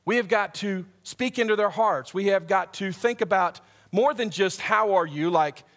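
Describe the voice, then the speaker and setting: A young male camp director preaching a conversational sermon, asking the audience questions and reading scripture aloud. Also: high voice. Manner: reads scripture aloud at a quicker pace. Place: church hall before a live audience.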